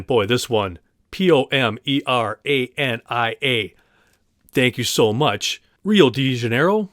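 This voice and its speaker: A man's voice: medium pitch, no echo, studio quality. A man hosting a movie podcast, talking casually to his listeners, rambling a bit and stumbling over place names. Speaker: podcast host. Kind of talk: casual monologue thanking listeners.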